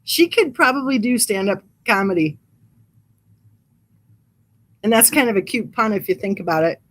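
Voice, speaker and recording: A woman talks loosely and chattily on a livestream, drifting from thought to thought with an amused tone. Her pitch sits in the middle for a woman, and she speaks through a computer mic. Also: animated, moderate pace, a bit bright. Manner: reads live chat aloud. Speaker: true crime channel host. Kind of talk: casual livestream chat.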